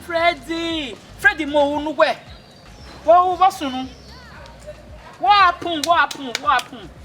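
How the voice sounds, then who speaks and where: A woman's voice: high voice, unhurried, pushed and bright, faint music behind. A woman playing an older village elder, lecturing in a mix of pidgin and local words.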